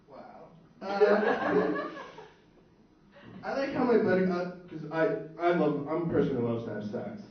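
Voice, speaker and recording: Young man, stand-up comic, crude boastful stories, high lively voice, echoey distant lo-fi club recording. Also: slow, long pauses, a little hiss or hum. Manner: crude, boastful storytelling with put-on voices for others. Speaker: stand-up comedian. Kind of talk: stand-up comedy set. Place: small club stage.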